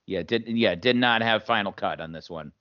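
A man co-hosting a movie podcast in casual chat, halting and restarting his sentences. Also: fairly low pitch, bright, forceful tone, clean tone. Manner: halting, many restarts, agrees with "correct". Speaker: podcast co-host. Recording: dull podcast audio.

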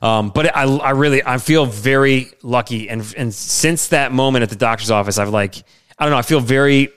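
A man's voice: medium pitch, moderate pace, fairly bright tone, smooth. A man in his thirties, a podcast co-host, telling a rambling, self-deprecating story in casual chat, full of restarts. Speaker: podcast co-host, youth sports coach.

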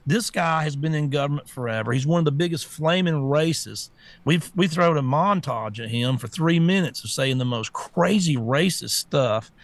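Gravelly man ranting on a talk show. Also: on the high side, expressive, moderate pace, no room sound. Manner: stammering, rants with mocking impressions. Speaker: co-host. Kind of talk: casual political talk.

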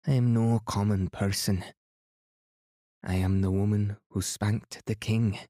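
A dignified old Highland woman with a rich, powerful voice speaks firmly and regally, put on by a male reader. The voice sits low and mellow, in a dry, close sound. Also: little pitch movement, unhurried, dry recording. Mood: stately. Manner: firm, stately, regal.

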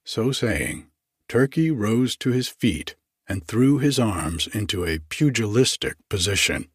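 Slow, husky-voiced male narrator. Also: fairly low pitch, animated, dry recording, studio quality. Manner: deliberate, formal storytelling. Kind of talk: audiobook reading of classic fiction.

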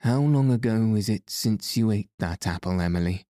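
A man reading the lines of a stern, practical older aunt in a storybook, in a brisk, stern manner. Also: on the low side, dark tone, no echo, studio quality, natural voice.

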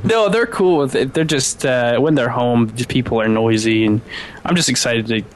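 A young man from Canada joins a podcast as a guest, talking in an easygoing, halting way at a middling pitch. Faint room noise sits under his voice. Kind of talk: casual chat.

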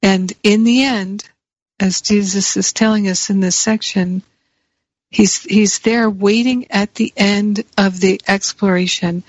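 A woman giving a slow, earnest spiritual talk as a teacher, repeating key phrases for emphasis. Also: mid-range voice, no echo, highs cut off.

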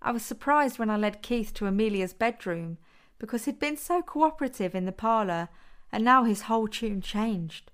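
A woman narrating a written story in a steady, measured way. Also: a little high, clean tone.

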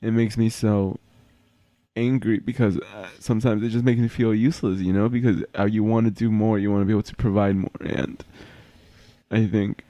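A young man co-hosting a casual podcast, speaking softly and hesitantly with many fillers. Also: on the low side, steady tone, moderate pace, no echo. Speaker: podcast co-host.

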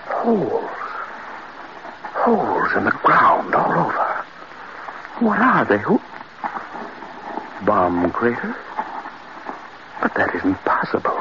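A haunted man who swings wildly from hushed dread to anguished shouts, drawling out each word slowly. The old radio drama sounds muffled and dull, with a steady hiss underneath. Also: medium pitch. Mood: frantic. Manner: anguished, shouting and breaking into cries. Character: man haunted by a horror, frantic and grieving. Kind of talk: 1940s radio acting.

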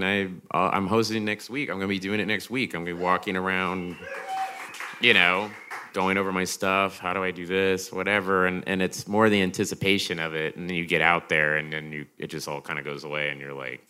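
A man telling animated stories as a guest on a live podcast, acting out what people said. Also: low voice, brisk, smooth. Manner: animated, jumpy, acts out quotes. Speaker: guest comedian. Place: live stage in front of an audience.

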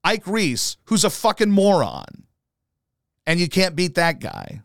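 A man's voice: sits high, wildly swooping pitch, takes it slowly, gravelly, a bit bright, no echo, studio quality. A man hosting his own podcast, ranting in a profane, combative, rambling way. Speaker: podcast host.

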